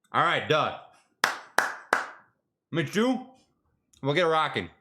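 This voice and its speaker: Excitable, slangy young man streaming trades. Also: fairly high pitch, very slow, noisy background. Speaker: stock trading streamer. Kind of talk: casual livestream chat.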